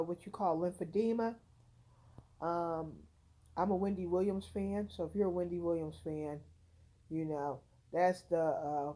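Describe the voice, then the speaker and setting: Tired woman with a mellow, low voice. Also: rough recording. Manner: rambling, conversational, frank. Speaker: content creator. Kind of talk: casual vlog storytelling. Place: home.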